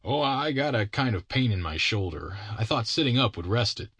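A man voicing a smooth-talking grown kidnapper who speaks in a folksy, breezy way. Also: mid-range voice, lively intonation, moderate pace, a bit bright, no room sound.

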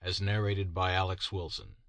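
A man narrating a classic story as an audiobook reader, in a measured, deliberate way. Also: low-pitched, level tone, fairly bright tone, no echo.

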